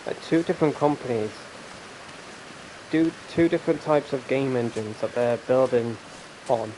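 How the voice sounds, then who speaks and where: A man's voice: medium pitch, fairly even intonation, normal speed, long pauses, noisy background. Rambling man ranting over gameplay. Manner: rambling, ranting, swears freely. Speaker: gaming channel host. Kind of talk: casual gameplay commentary.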